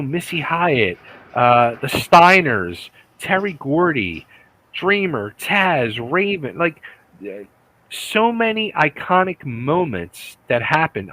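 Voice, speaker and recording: A middle-aged man, a retired wrestler, telling excitable, profane stories as a guest in a casual interview. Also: mid-range voice, rough recording. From United States.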